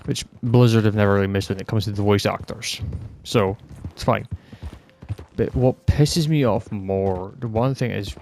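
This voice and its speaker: A young Scottish man with a strong northern Scottish accent rants in a heated, casual way, swearing freely. His voice sits fairly low and carries a gravelly fry. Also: normal speed, darkish tone, a little hiss or hum. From Scotland. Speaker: podcast rambler. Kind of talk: casual rant.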